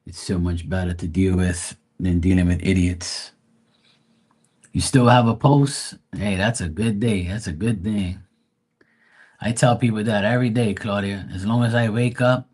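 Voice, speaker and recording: A man with a deep, husky voice chats loosely and profanely while hosting a livestream. He rambles from one point to the next in an offhand, conversational way. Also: steady tone, unhurried, a little mellow. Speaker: tarot reader livestream host. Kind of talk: casual livestream chat.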